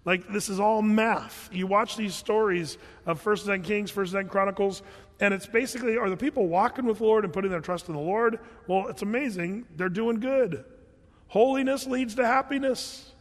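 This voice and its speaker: A man teaching from the Bible in a casual, conversational sermon style, animated and acting out the people he quotes. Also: sits high, normal speed, long reverb tail.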